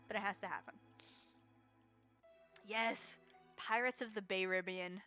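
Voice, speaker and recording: A woman's voice: mid-range voice, unhurried, long pauses, pushed and bright, soft background music. A woman streamer giving chatty, casual commentary as she plays a game for a charity marathon, reacting to chat and laughing often.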